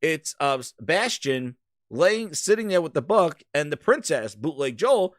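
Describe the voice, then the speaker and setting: A man hosting a live stream, talking in a rambling, excitable way with casual swearing. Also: a little high, measured pace, no echo, studio quality. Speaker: host.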